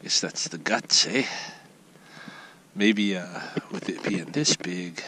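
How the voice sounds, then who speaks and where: Speaking slowly in a low pitch, the man delivers a casual weekly vlog update from his backyard. Outdoor ambient noise sits behind his voice as he thinks aloud with many fillers and restarts.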